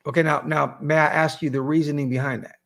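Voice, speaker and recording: A man's voice: a little high, steady tone, fast talker, vocal fry, fairly bright tone. A man hosting a podcast in casual chat, swearing and steering the topics. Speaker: podcast host.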